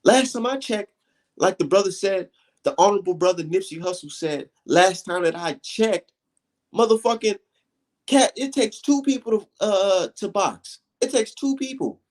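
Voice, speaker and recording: A man hosting a casual live stream, talking fight talk in loose slang and getting animated as he rants. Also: normal speed. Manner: animated, slangy, swings high when mocking critics. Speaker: livestream host.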